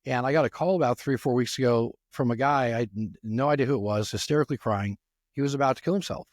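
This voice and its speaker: A man's voice: mid-range voice, quick pace, darkish tone, dry recording, clean studio sound. Conversational male podcast host. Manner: conversational, encouraging. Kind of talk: podcast interview.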